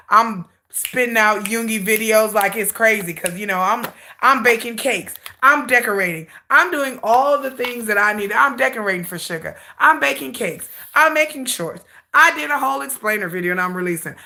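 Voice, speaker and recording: A woman hosting a K-pop channel livestream, telling a dramatic, salty story with animated humor. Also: on the high side, moderate pace, creaky. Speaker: K-pop YouTube channel host. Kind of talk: casual livestream rant.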